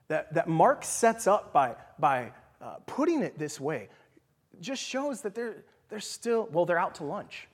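A man teaching scripture in a relaxed, conversational way, often checking in with "right?" and sometimes dropping to a whisper for emphasis. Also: high voice, breathy edge. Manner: animated, leans on "right?" and "okay?". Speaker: Bible study teacher. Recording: long hall reverb.

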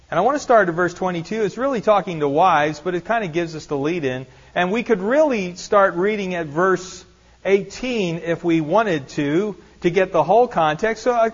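An earnest male preacher delivering a sermon with a slightly raised pitch. He presses his points with repeated rhetorical questions and drops in small self-deprecating jokes. The recording sounds dull and lo-fi. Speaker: pastor.

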